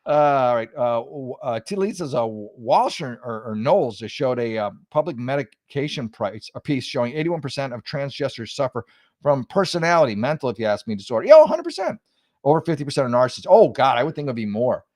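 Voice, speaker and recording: The recording is dry and clean, with studio sound, as this talk show host delivers a sarcastic, mocking solo rant about politics. He speaks fairly quickly at a medium pitch, a little mellow, with frequent stammers and restarts.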